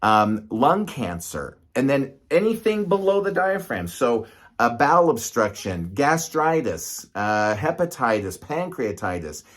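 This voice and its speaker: A man's voice: medium pitch, big pitch swings, unhurried. A middle-aged man, a doctor, explaining medicine in a casual, conversational way and often checking in with "right?". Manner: conversational, asks "right?" often, gestures to demonstrate.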